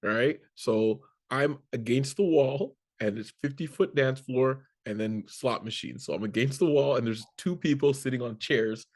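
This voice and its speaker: A man in a relaxed interview spins a long comic story, his voice sitting at an everyday middle pitch. He jumps into the voices of the people he quotes and swears casually as he goes. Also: normal speed, few pauses. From Canada. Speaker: guest comedian.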